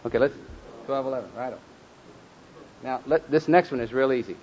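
A man of average pitch teaches a group to memorize scripture, drilling them in call-and-response and slowing to stress each word. He breaks in with folksy, self-deprecating asides. The recording is dull and lo-fi. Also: a little mellow. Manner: leads call-and-response drills, slows and stresses words when reciting.

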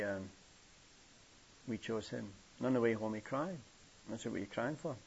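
On muffled, hissy old tape, an older Englishman preaches a sermon built on stories. He performs the characters' voices, pitching up high to play the children.

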